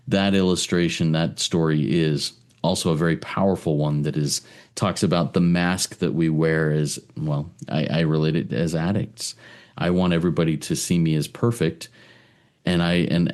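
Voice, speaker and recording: A man's voice: extremely low pitch, darkish tone. A man co-hosting a recovery podcast, speaking earnestly and repeating words as he gathers his thoughts. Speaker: podcast co-host, sponsor. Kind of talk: casual recovery podcast chat.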